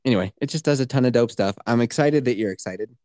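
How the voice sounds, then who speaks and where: A man in his thirties co-hosting a casual podcast, animated and swearing, putting on voices when he quotes things. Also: medium pitch, fast talker, dry recording, studio quality. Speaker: podcast co-host. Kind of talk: casual chat.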